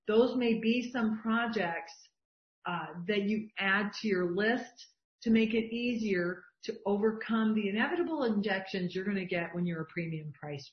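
A middle-aged woman leading an online group coaching session, talking with emphatic enthusiasm as she reads from shared lists. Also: mid-range voice. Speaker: business coach. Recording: dull, roomy video-call audio.

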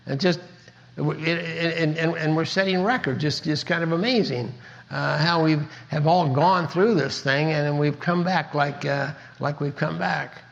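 Older male speaker, gravelly, earnest storyteller, dull lo-fi recording. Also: on the high side, measured pace. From Kansas. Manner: earnest storytelling with emphatic repetition. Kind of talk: motivational talk.

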